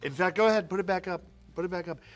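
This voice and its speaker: A boastful, crude president figure, as a man puts him on, who rambles and throws insults at everyone. The voice sits a little high, and faint music plays underneath. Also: rapid-fire, lightly acted. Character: male president character in a comedy sketch, boastful and crude.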